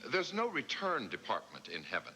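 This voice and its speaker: An actor playing a wry heavenly superior who scolds an angel, with dry, deadpan wit. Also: male voice, medium pitch, moderate pace. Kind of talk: 1990s sitcom acting. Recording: noisy, hissy TV recording.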